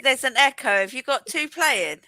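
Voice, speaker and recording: A woman chatting on a live stream, chiming in with brief remarks and quick laughs. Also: sits high, animated, bright, forceful tone. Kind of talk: casual chat on a live stream.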